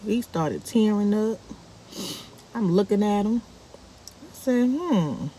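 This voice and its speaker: Animated woman telling a family story. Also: slow, a little hiss or hum. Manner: animated, acts out quoted speech with big pitch jumps. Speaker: vlogger. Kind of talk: casual storytelling to viewers.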